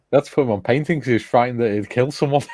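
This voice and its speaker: A man with a mid-range, darkish voice hosts a casual chat on model building, and a little hiss or hum sits under the recording. He tells a rambling story full of restarts, laughing frequently.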